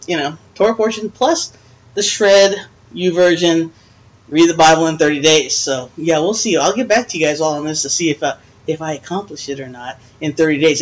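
A woman's voice: lowish voice, low-quality recording. An older woman talks casually as a podcast host, rambling in a friendly, teasing way. She laughs often between thoughts and keeps the chat loose and unscripted. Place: friend's house, dim room.

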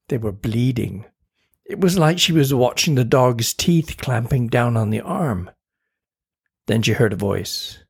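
A man reading a children's chapter book aloud in a steady, deliberate way. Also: medium pitch, gravelly, husky. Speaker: narrator.

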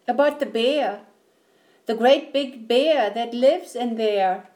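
Woman reading a scared small boy, high and pleading. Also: takes it slowly, darkish tone. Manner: anxious, pleading. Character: frightened little boy at a picnic.

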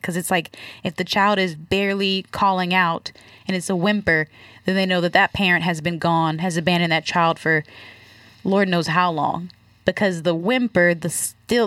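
A woman giving a reflective faith testimony, searching for words with many halting restarts. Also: medium pitch, fairly bright tone, dry recording, clean studio sound. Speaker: guest.

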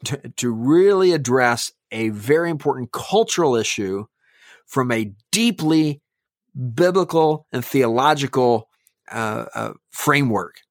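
A man's voice: medium pitch, no room sound. Pastor guy in a podcast chat, earnest and emphatic, dead dry sound. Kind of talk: podcast conversation.

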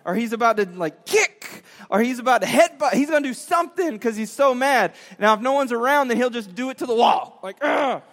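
A man, a father, telling a story to young listeners in an animated way, acting out quotes and laughing often. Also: very high-pitched, a little fast, few pauses, big-room sound. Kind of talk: storytelling talk.

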